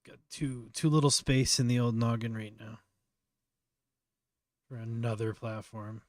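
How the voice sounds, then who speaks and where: A man's voice: mid-range voice, fairly even intonation, unhurried, darkish tone, no room sound. A man hosting a casual live tutorial, muttering to himself as he works and chatting through explanations with fillers. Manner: muttering to himself while working, trailing off. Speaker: host.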